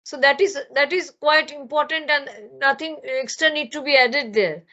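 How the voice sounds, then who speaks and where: A woman's voice: high voice, normal speed, bright, forceful tone, lo-fi sound. A woman from Bengal, teaching an online grammar lesson and explaining with many fillers and restarts. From Bengal, India. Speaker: spoken English teacher. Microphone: laptop microphone.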